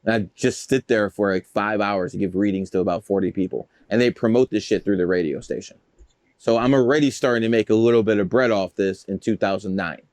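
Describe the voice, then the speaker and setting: Profane, boastful low-voiced man. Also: brisk, a little mellow, no room sound. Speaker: guest, numerologist. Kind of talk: casual storytelling interview.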